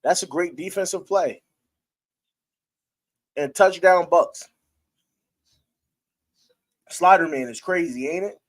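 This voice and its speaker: A man's voice: high-pitched, slow pace, long pauses. A man hosting a casual live-stream sports talk show, talking loosely with his viewers and breaking into laughter.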